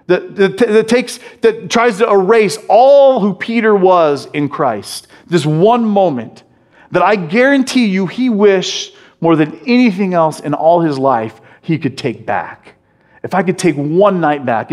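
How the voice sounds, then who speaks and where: A man preaching a sermon as a pastor, passionate and emphatic, often restarting his phrases as he pushes a point. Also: high voice.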